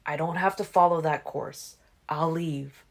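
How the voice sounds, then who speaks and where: A woman reading an audiobook, voicing a brooding teen boy vampire in a tense, forceful, raised delivery. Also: low-pitched, steady tone, a little slow, gravelly, exaggerated voice. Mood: anguished.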